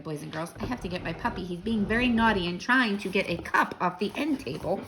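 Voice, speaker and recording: A woman reading a children's book aloud, gentle and chatty with young listeners. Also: mid-range voice, a little fast, few pauses, background noise. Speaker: children's story reader.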